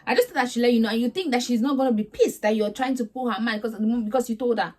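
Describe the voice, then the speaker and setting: A young woman rants through a reality TV recap with sassy, chatty exasperation. Her voice sits a little on the high side. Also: rapid-fire, a little mellow. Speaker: vlogger host.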